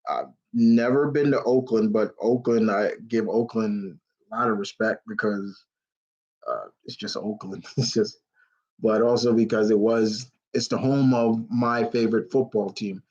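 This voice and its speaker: A man's voice: on the low side, fairly even intonation, unhurried, darkish tone, dull audio. A young man hosting a casual live question-and-answer stream, rambling and blunt, swearing freely. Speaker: host answering viewer questions.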